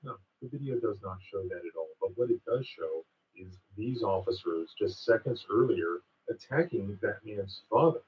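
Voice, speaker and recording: A man's voice: on the low side, lively intonation, normal speed, hardly any pauses, a little hiss or hum. A man delivering indignant, emphatic online news commentary, heard as distant, dull clip audio. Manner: indignant, pointed.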